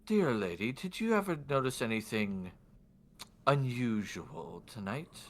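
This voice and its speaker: Man doing a cold, soft-spoken nobleman. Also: medium pitch, sing-song, a little slow. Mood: coolly probing. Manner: formal, quiet, coolly probing. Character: cold, composed nobleman in white.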